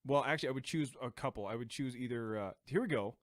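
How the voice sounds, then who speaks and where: A young adult man co-hosts a podcast, rambling through a story in casual chat, laughing often and trying out silly accents. His mid-range voice is fast, and the studio-quality recording sounds dry.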